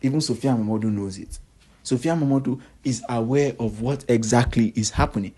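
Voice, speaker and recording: A man's voice: mid-range voice, brisk, warm tone, husky. A man delivering a solo gossip commentary, repeating himself for emphasis and asking rhetorical questions.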